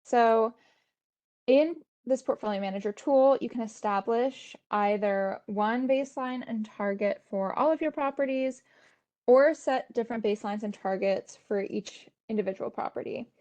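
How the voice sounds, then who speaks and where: A woman presenting an instructional webinar, explaining steps in a steady tone with frequent "um" and "uh" fillers. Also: a little high, normal speed.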